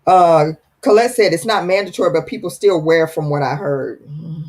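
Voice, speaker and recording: Reading viewer comments aloud during a casual livestream chat, this host speaks in a low-pitched, darkish voice at normal speed. She plays them up with teasing, dramatic flair.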